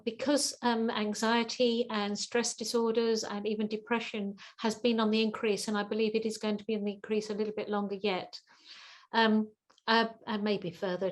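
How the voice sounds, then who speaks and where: A woman, a guest expert on a video call, answers questions with lively advice, repeating words and acting out the people she quotes. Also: medium pitch. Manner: animated, acts out quoted voices, repeats words. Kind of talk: webinar Q&A advice.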